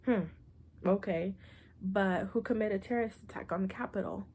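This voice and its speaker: A woman delivers a blunt political rant straight to camera, swearing freely and dripping with sarcasm. Her voice sits at a middle pitch with a mellow, darker tone. She sounds fed up and exasperated throughout. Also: steady tone, moderate pace, breathy edge. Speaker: vlogger.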